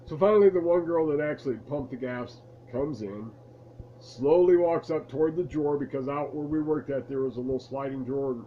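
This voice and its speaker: A vlogger with a warm, medium-pitched voice casually rambles through an amused story from his past to the camera. He's relaxed in a lamp-lit room at home, captured in lo-fi sound with slight background noise.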